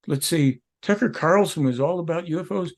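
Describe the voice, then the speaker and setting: A man's voice: fairly high pitch, brisk. A man speaking as an interview guest, rambling and emphatic, jumping from point to point. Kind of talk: casual interview talk.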